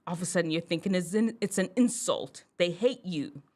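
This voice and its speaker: A woman physician hosting a show for teens, telling a casual personal story in an animated, chatty way and laughing often. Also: fairly low pitch, fairly quick. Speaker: host, physician.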